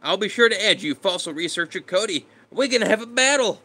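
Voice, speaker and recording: Bright, high-voiced casual streamer. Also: male voice, lively intonation, fairly quick, husky. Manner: laid-back, chatty, greets viewers by name. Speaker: streamer reading chat. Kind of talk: casual live stream chat.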